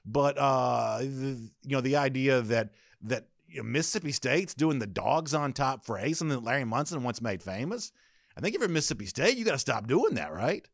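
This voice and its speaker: A man's voice: mid-range voice, expressive, a little fast, no room sound, studio quality. Opinionated man talking college sports. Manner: opinionated, conversational, with frequent fillers. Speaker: sports podcast host. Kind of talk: casual sports commentary.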